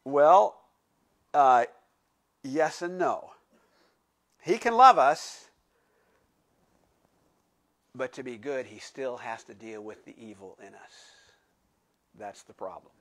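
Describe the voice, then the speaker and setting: An older man, a pastor, giving a sermon in a conversational, animated storytelling way, full of asides. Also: mid-range voice, slow pace, long pauses. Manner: animated storytelling, acting out quoted voices.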